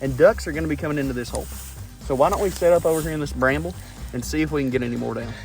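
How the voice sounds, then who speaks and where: A man's voice: on the high side, racing, faint music behind. A man guiding a hunt, bantering in an enthusiastic, joking way. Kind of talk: casual banter. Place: outdoors.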